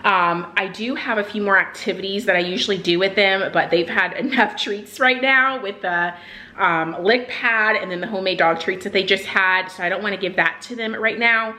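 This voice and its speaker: Chatty young woman vlogging at home. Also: moderate pace. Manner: chatty, switches to high excited praise for the dogs. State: out of breath. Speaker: vlogger, dog owner. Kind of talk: casual vlog chat to camera.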